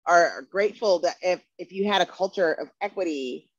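A woman's voice: lowish voice, moderate pace, slightly rough, no echo. A woman talks in a middle-range voice, earnest and emphatic as she makes her points. Her voice sounds close and dry. The sound is dull and lo-fi. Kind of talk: casual conversation.

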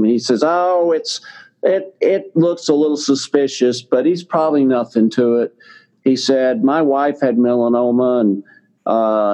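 A man's voice: mid-range voice, mellow, low-quality recording. An older man telling a long personal story in a casual, rambling way, with many fillers and restarts. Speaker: guest telling his health story.

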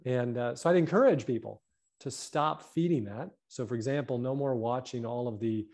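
A man talking about health as a guest, animated and fond of tagging his points with "right?". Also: medium pitch, normal speed. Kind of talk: casual conversation.

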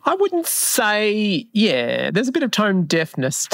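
A man's voice: high-pitched, huge pitch swings, slow, gravelly, fairly bright tone, dry recording. A man co-hosting a casual pop culture chat, wry and reflective as he muses on celebrities. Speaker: podcast co-host.

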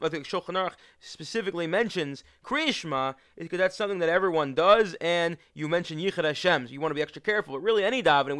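A man's voice: on the high side, fairly bright tone, clear, resonant tone, dry recording, clean studio sound. A man teaching a religious text, reading lines aloud and then explaining them in an easygoing way with frequent restarts. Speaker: Torah teacher. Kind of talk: text study lesson.

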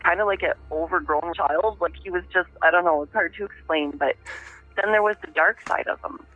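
A woman giving an interview over the phone, telling her story in a halting, reflective way. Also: fairly low pitch, no echo, faint music behind. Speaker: interviewee, daughter of the subject. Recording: narrow tinny phone line.

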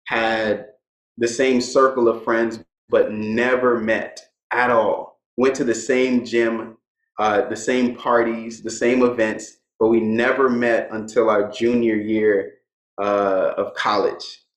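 A young man, a guest in a casual interview, telling his stories in a relaxed way and laughing often. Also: lowish voice, slow pace, reverberant, low-quality recording.

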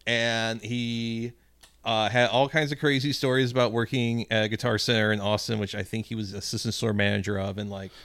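A man's voice: on the low side, moderate pace, smooth, no room sound. Profane storytelling man, dry sound. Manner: profane, animated storyteller acting out quotes. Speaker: podcast co-host. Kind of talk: casual storytelling chat.

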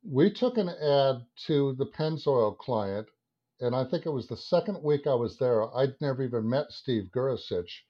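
Animated man telling a profane anecdote. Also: medium pitch, normal speed. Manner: animated, swearing, acts out his own inner voice. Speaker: guest, advertising creative director. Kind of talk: anecdotal storytelling in a podcast interview. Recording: dull lo-fi sound.

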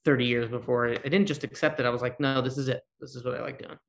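A man's voice: mid-range voice, steady tone, fast talker, gravelly, a bit bright. A man, a guest actor talking casually in an interview, rambling and blunt. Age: 30s. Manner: rambling, self-deprecating, blunt.

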